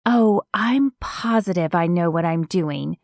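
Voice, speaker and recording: A woman's voice: on the low side, measured pace, no room sound, studio quality. A woman voicing a determined single mother who speaks firmly with a hard edge. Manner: firm, edged.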